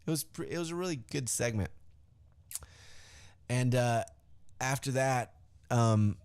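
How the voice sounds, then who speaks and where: A podcast host recaps a wrestling show loosely and ramblingly, with filler words and a bit of swearing, offhandedly acting out quotes. His mid-range voice is unhurried, darkish, clear, and resonant.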